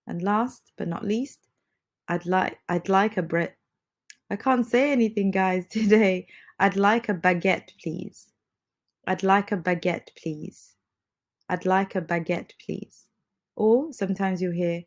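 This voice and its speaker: Woman, English teacher, under the weather; patient, repeats lines slowly, lower-pitched voice. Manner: patient, repeats phrases slowly and softly for learners. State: under the weather, slightly congested. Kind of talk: slow, clear English lesson with repeated phrases.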